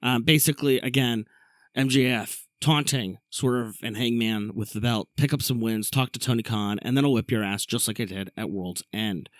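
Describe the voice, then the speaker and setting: A man's voice: mid-range voice, no echo. Man recapping wrestling, dry close mic. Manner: recaps matches briskly, reads an ad read. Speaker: podcast host. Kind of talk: casual wrestling recap podcast.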